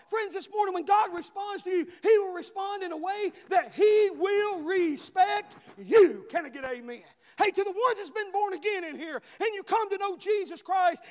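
A male pastor preaching a sermon, calling for amens and moving between shouts and hushed tender passages. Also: very high voice. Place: church sanctuary. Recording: church hall reverb.

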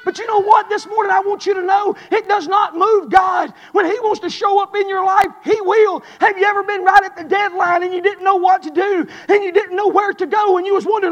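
A pastor preaching a fiery sermon in a church, swinging from hushed and intimate to loud shouting. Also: male voice, extremely high pitch, fairly quick. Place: church sanctuary. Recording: long hall reverb.

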